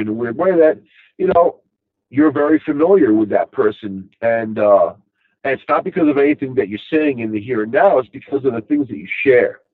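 A middle-aged man from Long Island, New York, with a medium-pitched voice and that area's accent, gives a rambling, casual monologue studded with "you know"s. The sound is tinny like a phone, and there's no room sound.

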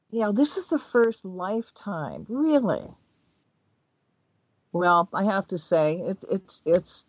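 A middle-aged woman telling personal stories in a casual spiritual talk, animated and often laughing as she speaks. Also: lowish voice, no room sound, dull audio. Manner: animated storytelling, laughs mid-sentence.

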